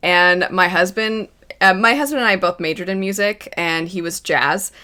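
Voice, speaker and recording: Bright-voiced, chatty young woman. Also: on the low side, moderate pace, smooth. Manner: chatty and enthusiastic, frequent laughs. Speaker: anime reaction vlogger. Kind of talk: casual first-impressions commentary.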